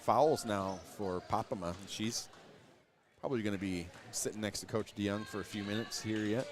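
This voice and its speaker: A man doing live play-by-play for a high school basketball game from the gym stands, rattling off plays and shouting on big moments. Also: normal speed. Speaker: play-by-play announcer.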